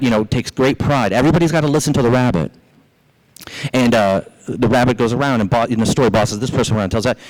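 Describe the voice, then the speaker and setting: A male pastor with a Southern US accent preaching a sermon, telling a story in an animated way and speaking directly to the congregation. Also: mid-range voice, rough recording.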